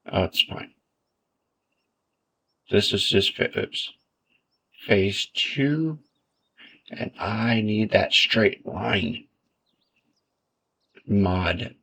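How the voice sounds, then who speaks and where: A man giving relaxed, self-deprecating commentary while he plays a game, thinking aloud as he goes. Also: fairly low pitch, gravelly, husky. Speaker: gaming video creator. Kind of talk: casual gameplay commentary.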